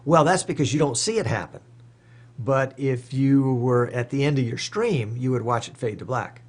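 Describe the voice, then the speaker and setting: A man's voice: mid-range voice, moderate pace, breathy edge. A man hosting a live stream, reading viewer comments aloud and answering them off the cuff in casual chat.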